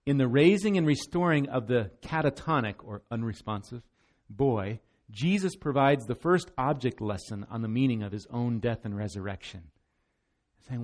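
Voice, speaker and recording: A man's voice: medium pitch, normal speed, darkish tone. Male pastor, sermon delivery, emphatic and earnest, middle-range voice. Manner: earnest, emphatic, often repeats words.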